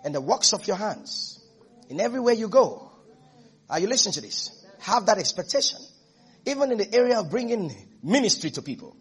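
A man's voice: high voice, sing-song, brisk, slightly rough. A man preaching a sermon as pastor, emphatic, repeating phrases and often asking the congregation if they are listening.

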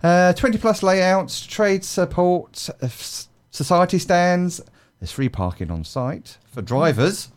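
Chatty man, lively voice. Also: sits high, takes it slowly. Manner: chatty, rambling, reads out details. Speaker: radio co-presenter. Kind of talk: casual radio chat.

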